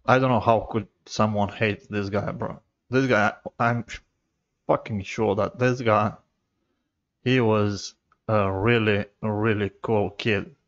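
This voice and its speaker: A man's voice: on the low side, fairly even intonation, slow, dull audio. A man casually commenting on a comedy clip, offhand and profane. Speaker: video reactor.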